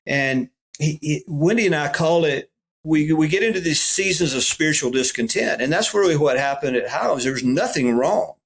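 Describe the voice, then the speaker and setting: A man's voice: fairly high pitch, normal speed, creaky, breathy edge. A middle-aged man with a Southern US accent, a pastor telling folksy stories in a podcast interview. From Alabama. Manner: folksy, animated when quoting others.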